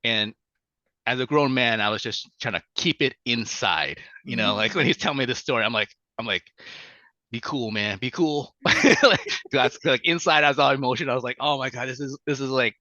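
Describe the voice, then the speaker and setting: Halting, bright-voiced man author. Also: medium pitch, lively intonation, dry recording. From Vietnam. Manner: halting, many restarts and fillers, laughs easily. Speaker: children's book author, guest. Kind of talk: casual interview conversation. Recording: dull lo-fi sound.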